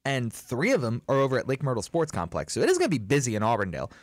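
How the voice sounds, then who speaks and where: A man's voice: mid-range voice, rapid-fire, no room sound. A man hosting a local sports talk show, reading event listings and joking with his co-hosts. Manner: lively, laughs often, lists events. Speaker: show host. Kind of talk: casual studio chat.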